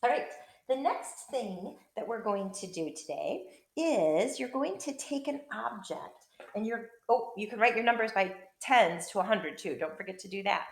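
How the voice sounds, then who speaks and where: A woman teacher talks young pupils through a remote lesson, narrating as she writes and sketches. Her slightly high voice bounces up and down in pitch, warmly encouraging. The sound carries the echo of a bare room. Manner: encouraging, talks while drawing and pointing. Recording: echoey room.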